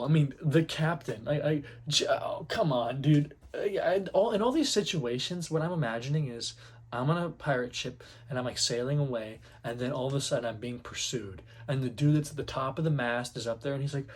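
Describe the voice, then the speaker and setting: A young man giving casual, excitable fan commentary, rambling and slangy as he talks. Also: mid-range voice, brisk, breathy edge. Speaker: anime commentary YouTuber.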